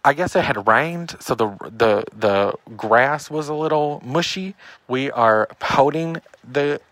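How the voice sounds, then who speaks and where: A man telling a funny story in a voicemail. He talks with emphasis and acts out the shouted quotes. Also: medium pitch, slow, no echo. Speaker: caller leaving a voicemail story. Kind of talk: animated comic storytelling.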